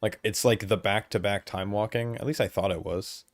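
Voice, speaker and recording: A man's voice: on the low side, fairly even intonation, moderate pace, dry recording, studio quality, soft background music. A man streaming a game and chatting casually, laid-back and swearing, often laughing. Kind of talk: casual gameplay chat.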